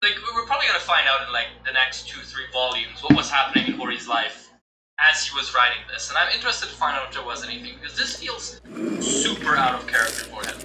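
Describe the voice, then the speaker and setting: Animated ranting man, echoey and distant. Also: mid-range voice, quick pace. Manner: animated, exasperated ranting with laughs. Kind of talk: casual chat. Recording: echoey room, distant mic, music behind.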